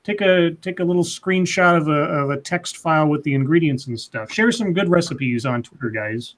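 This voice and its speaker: A man's voice: a little high, moderate pace. A man co-hosting a casual livestream chat, reading out viewer comments, blunt and swearing freely, often trailing off and restarting sentences.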